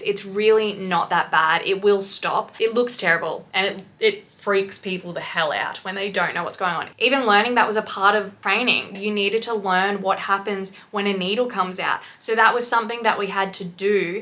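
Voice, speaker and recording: A woman with a bright, forceful tone talks through piercing mishaps in casual commentary. She explains things patiently but swears freely and bluntly when something annoys her. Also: medium pitch. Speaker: piercer reacting to clips.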